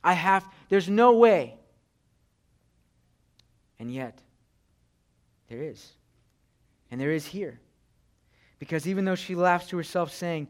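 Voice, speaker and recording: A man's voice: a little high, lively intonation, unhurried, pauses often. A young man preaching a conversational sermon, chatty, with frequent "right?" and "you know". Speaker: pastor.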